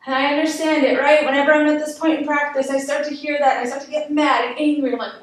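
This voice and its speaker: A woman's voice: high-pitched, fairly even intonation, fast, distant mic. A woman yoga instructor guiding a workout class, encouraging and counting down reps. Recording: echoey room, voice from off-mic.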